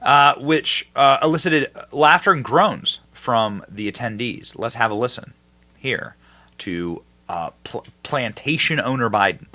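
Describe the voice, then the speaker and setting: A man's voice: medium pitch, expressive, a little slow, pushed and bright. A man hosting a political commentary podcast, speaking sarcastically and mockingly, jumping between emphatic points and muttered asides.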